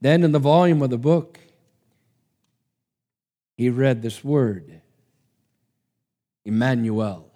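A man's voice: medium pitch, takes it slowly, long pauses, warm tone. A man preacher giving a sermon and reading a story aloud in an emphatic, dramatic way. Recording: long hall reverb.

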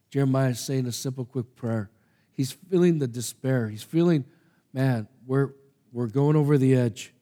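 A man preaching a sermon, reading scripture aloud and swinging from hushed asides to loud, emphatic passages. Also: medium pitch, normal speed. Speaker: pastor.

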